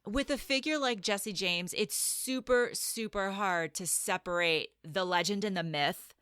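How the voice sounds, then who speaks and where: A woman co-hosting a casual podcast, explaining history and reading quotes aloud in a measured way. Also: mid-range voice, fairly bright tone, clear, resonant tone, no room sound, clean studio sound. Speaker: podcast co-host.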